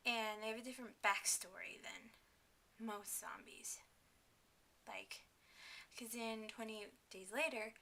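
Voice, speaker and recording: A young woman talking casually to her camera at home, chatty and enthusiastic, with many fillers and quick asides. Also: medium pitch, pushed and bright, a little hiss or hum. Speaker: vlogger.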